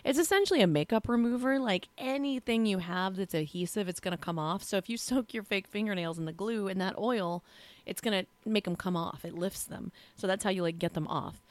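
A woman's voice: mid-range voice, brisk, dry recording. Chatty woman co-hosting a film podcast. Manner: chatty, animated, bursts into squealing voices when quoting. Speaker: podcast co-host. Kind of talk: casual film chat.

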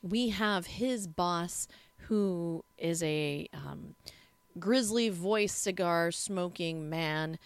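A woman's voice: lowish voice, extremely slow, clean tone, no echo. Chatty woman co-hosting a podcast, dry sound. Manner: chatty, expressive, trails off and restarts. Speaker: podcast co-host. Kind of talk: casual chat.

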